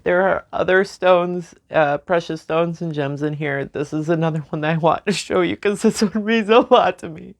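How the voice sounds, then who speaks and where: A young woman speaking slowly and tearfully in a personal memorial vlog, with soft nervous laughs. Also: lowish voice. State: crying. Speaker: vlogger.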